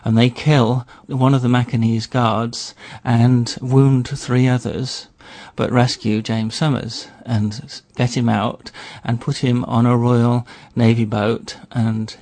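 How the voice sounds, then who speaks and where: A man with a gravelly, creaky voice unfolds a history tale at an easy storyteller's pace, with dry, wry asides. He is recorded close up in a dry studio with no room sound. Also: mid-range voice, level tone, takes it slowly, darkish tone, dry recording. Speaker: history guest on a radio show. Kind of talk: storytelling chat.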